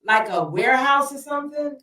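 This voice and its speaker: A woman's voice: sits high, animated, brisk, pushed and bright. A middle-aged woman, hosting a casual podcast interview. She talks in an emphatic, preacherly way and repeats lines for stress. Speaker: alderwoman and podcast host. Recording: echoey room, far from the mic.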